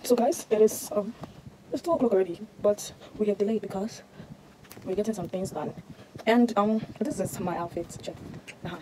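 A young woman vlogging to her phone in a living room, emotional and soft-spoken, at times dropping to a whisper. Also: medium pitch, background noise. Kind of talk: emotional travel vlog to camera.

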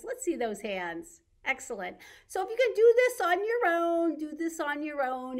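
Sing-song, animated woman leading baby story time. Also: high-pitched. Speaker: children's librarian. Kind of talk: baby story time, reading aloud and singing.

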